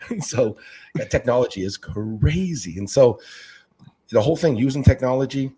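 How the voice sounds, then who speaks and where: A man's voice: medium pitch, normal speed, husky. A man who coaches youth basketball, chatting in an interview and acting out the people he quotes. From Northern California. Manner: animated storyteller, acts out quoted voices. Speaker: youth basketball coach and aquarium channel creator. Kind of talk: casual interview talk.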